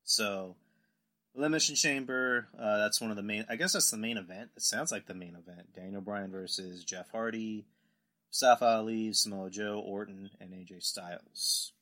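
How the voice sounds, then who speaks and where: Male podcast host, low and punchy, casual chat, animated storyteller. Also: normal speed. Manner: animated storytelling, acts out quotes.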